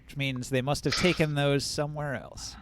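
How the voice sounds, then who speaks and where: A man's voice: fairly high pitch, flat delivery, moderate pace, fairly bright tone, slight background noise. A man running a tabletop game as game master, narrating scenes with frequent "uh"s. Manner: descriptive, filler-heavy narration.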